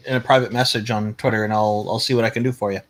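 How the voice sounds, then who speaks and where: A man's voice: lowish voice, flat delivery, rapid-fire. A man in a casual group chat, matter-of-fact and helpful. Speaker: chat guest.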